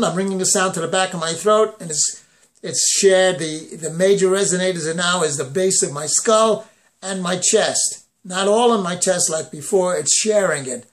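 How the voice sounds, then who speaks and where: A man's voice: high-pitched, normal speed. A man giving a voice lesson, explaining where he places the sound and breaking into sung phrases to demonstrate. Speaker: voice teacher.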